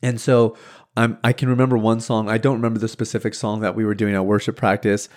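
A man hosting a podcast, telling a casual story with lively delivery, many restarts and filler words, acting out other people's lines and laughing easily. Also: on the low side, quick pace. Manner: animated, acts out quoted voices, laughs easily. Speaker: podcast host.

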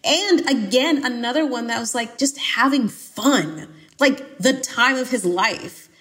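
A woman from Atlanta with an American accent, a podcast guest talking casually in an emphatic, animated way with playful exaggeration. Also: a little high, unhurried. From Atlanta, USA. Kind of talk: casual conversation.

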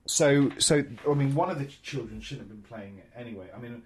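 A man's voice: mid-range voice, lively intonation, fairly quick, darkish tone, breathy edge. A man co-hosting a casual gaming chat show, talking in a rambling, explanatory way with many fillers.

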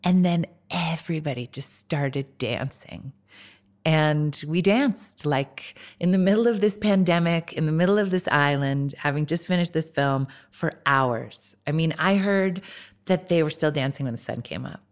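A woman's voice: low voice, measured pace. A woman film director as a guest in an interview, talking candidly and casually with frequent laughs and fillers.

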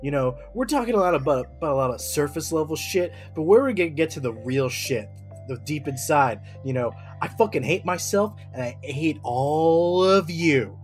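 A man voicing a hostile, swearing head of a male hydra who rants fast and hates everyone, in an improvised comedy podcast. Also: fairly high pitch, animated, faint music behind, close to an everyday voice. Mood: bitter. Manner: aggressive, swearing, fast-ranting.

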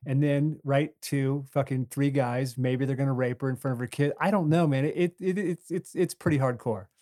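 A man co-hosting a podcast, talking bluntly about a movie with frequent swearing and quick interjections. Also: medium pitch, fairly even intonation, mellow. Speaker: podcast co-host. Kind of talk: casual movie discussion.

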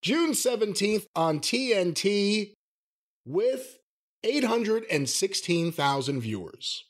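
A man's voice: sits high, sing-song, slow. A man co-hosting a podcast, teasing his partner dryly as the straight man. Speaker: podcast co-host. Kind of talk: casual chat, reading ratings.

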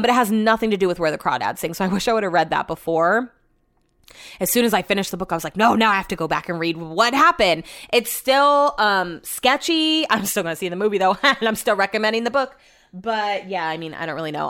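A woman's voice: medium pitch, a bit bright, clear, resonant tone. A young woman chatting casually, telling a story and swearing freely, with the quotes acted out in a raised voice. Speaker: vlogger.

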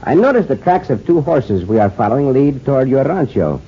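Cisco Kid, a courtly caballero hero. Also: male voice, medium pitch, very animated, a little fast, husky. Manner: courtly, confident. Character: dashing caballero hero, calm and shrewd. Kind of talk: 1950s radio drama acting. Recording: dull lo-fi old radio broadcast.

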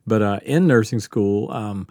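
A man, a podcast host telling a story in casual chat, animated and profane, laughing often and acting out quotes. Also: on the low side, measured pace, no echo, clean studio sound. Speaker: podcast host answering questions.

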